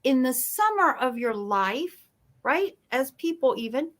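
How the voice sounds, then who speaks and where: Brief: woman guest, bright higher voice, storytelling, emphatic, video call. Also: very animated, a little slow. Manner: emphatic, storytelling, shifts pace for effect. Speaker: guest speaker. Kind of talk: motivational interview talk.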